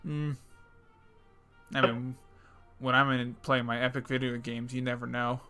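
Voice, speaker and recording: Young guy cohosting a podcast, sarcastic edgy jokes, bright voice, faint music behind. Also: mid-range voice, a little slow, clean tone. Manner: joking, edgy banter, sarcastic deadpan asides. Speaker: podcast co-host. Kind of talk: casual chat.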